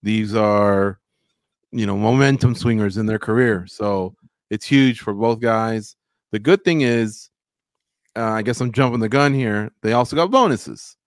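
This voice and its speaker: A man's voice: fairly low pitch, a little slow, no echo. A man hosting a casual sports talk show, chatty and opinionated as he recaps fight results. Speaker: podcast host.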